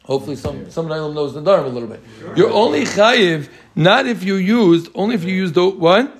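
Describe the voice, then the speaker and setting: A man teaching a Talmud class to students, lively and joking, who quizzes them with quick rhetorical questions. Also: high voice.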